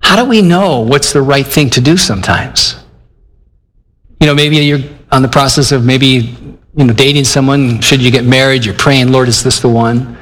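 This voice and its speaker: A man's voice: medium pitch, normal speed, fairly bright tone. Older male pastor preaching in a reverberant hall. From Michigan. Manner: earnest, conversational preaching, acts out his own inner dialogue. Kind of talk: sermon.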